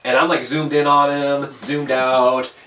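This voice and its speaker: A man hosting a casual chat, telling a long, animated, profane story and acting out his own reactions. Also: mid-range voice, unhurried. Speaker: podcast host telling a story. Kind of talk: casual storytelling over beers. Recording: roomy, distant mic with faint noise.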